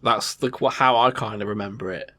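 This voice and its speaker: Bright-voiced, bemused man. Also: lowish voice, brisk, no room sound. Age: middle-aged. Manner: bemused, baffled reactions. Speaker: podcast co-host. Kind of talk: casual chat. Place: garage.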